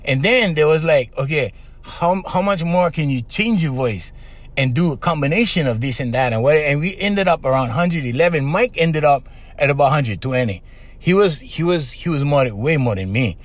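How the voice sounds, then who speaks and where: A man's voice: a little high, lively intonation, normal speed. A man, rambling casually as host and often laughing as he talks to listeners. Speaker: host, former radio voice performer.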